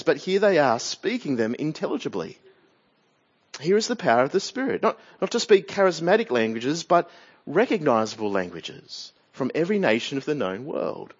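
A man's voice: fairly high pitch, highs cut off. A man with an Australian accent preaching an expository sermon, often putting questions to the congregation. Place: church.

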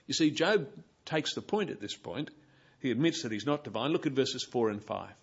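A man's voice: medium pitch, lively intonation, normal speed, slightly rough, highs cut off. A man giving a Bible teaching, explaining passages and pointing his listeners to verse after verse.

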